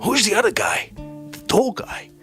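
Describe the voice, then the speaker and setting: A man hosting a comedy monologue, jumping between shouting and whispering. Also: sits high, wildly swooping pitch, normal speed, soft background music. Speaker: comedian host.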